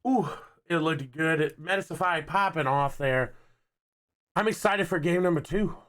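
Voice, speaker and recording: A man's voice: fairly high pitch, moderate pace, a bit bright. A man casting a live esports tournament in a laid-back, joking way, with a Texan accent. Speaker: esports caster. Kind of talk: live game commentary.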